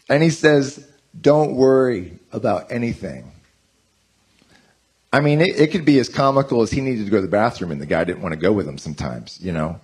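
A man in his forties preaching a conversational sermon, telling self-mocking stories in an animated way. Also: fairly low pitch, moderate pace, slightly rough. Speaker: pastor.

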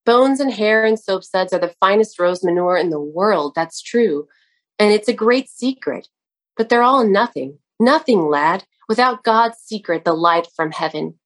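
A woman's voice: mid-range voice, lively intonation, a little slow, close to an everyday voice. A woman reading aloud and voicing a kindly male nursery gardener who explains things earnestly to a lad. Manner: earnest, explaining, sometimes exclaiming.

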